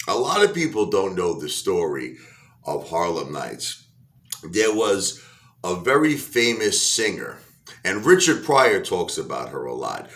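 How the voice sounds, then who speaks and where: Animated man telling a story, laughing. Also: sits low. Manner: animated, laughing often, self-correcting asides. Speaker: vlogger. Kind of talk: casual storytelling.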